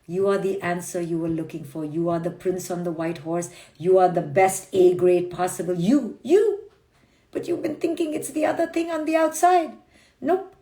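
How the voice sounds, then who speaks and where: A woman psychologist giving a brisk, blunt motivational talk on a phone livestream, acting out people's inner voices as she goes. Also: lowish voice, fairly even intonation, mellow. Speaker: clinical psychologist and author. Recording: roomy echo.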